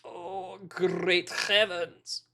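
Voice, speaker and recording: A man live-streaming from a warm room at home, rambling and swearing casually and laughing at his own jokes. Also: high-pitched, level tone, extremely slow. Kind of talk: casual live-stream chat while shiny hunting.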